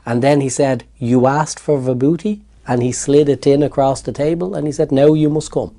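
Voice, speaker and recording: An Irish man telling his story in an interview, animated and repeating words when excited. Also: medium pitch, moderate pace. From Ireland. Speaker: interview guest.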